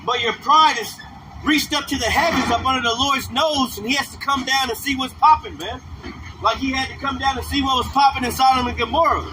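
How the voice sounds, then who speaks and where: Street preacher, male, very high voice, emphatic and slangy; outdoor livestream with loud traffic behind. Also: fairly even intonation, fairly quick. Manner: emphatic, repetitive, slangy, ends phrases with "man". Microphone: phone or camera livestream mic.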